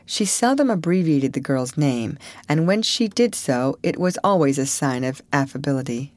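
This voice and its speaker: A woman narrating an audiobook in a measured, expressive reading. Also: low-pitched, no room sound. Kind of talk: scripted narration.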